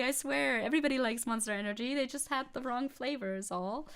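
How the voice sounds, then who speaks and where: A woman's voice: quick pace, few pauses. A young woman from Germany streaming as a VTuber, chatting casually with her audience, reading comments aloud and laughing often. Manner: chatty, laughs often, reads chat aloud, jumps high when excited. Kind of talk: casual livestream chat.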